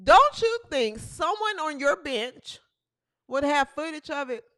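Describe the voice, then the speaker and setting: Brief: woman comic host, very high and bright voice, swooping, sarcastic sports rant. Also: sing-song, takes it slowly, dry recording, studio quality. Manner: sarcastic, mocking, repeats lines for effect. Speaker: comedian and show host. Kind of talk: comedic sports commentary rant.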